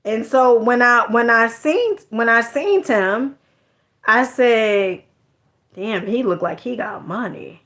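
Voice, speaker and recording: A woman's voice: on the high side, animated, slow, fairly bright tone. A woman telling a personal story in a casual, chatty monologue, often repeating her words and using slang.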